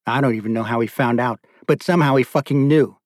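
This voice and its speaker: A man's voice: mid-range voice, fast talker, no room sound, studio quality, close to an everyday voice. A man doing a broken, cursing survivor. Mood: anguished. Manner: raw, profane, bitter outpouring. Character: tormented adult man reliving abuse.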